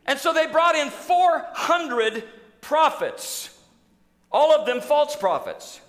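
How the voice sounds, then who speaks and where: A man preaching a sermon in a church, telling a story in an animated, acting-out way. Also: very high-pitched, takes it slowly. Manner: storytelling, animated, acts out scenes. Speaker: pastor. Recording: echoey church hall.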